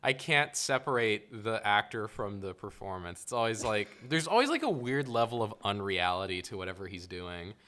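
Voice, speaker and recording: A man's voice: fairly low pitch, sing-song, normal speed, hardly any pauses, pushed and bright. A man co-hosting a podcast in casual chat, rambling and laughing often with lots of fillers. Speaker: podcast co-host.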